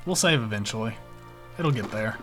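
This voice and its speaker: A man's voice: fairly low pitch, lively intonation, normal speed, a bit bright, faint music behind. A man casually playing a video game and thinking aloud with a friend in an easygoing way. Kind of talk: casual gameplay chat.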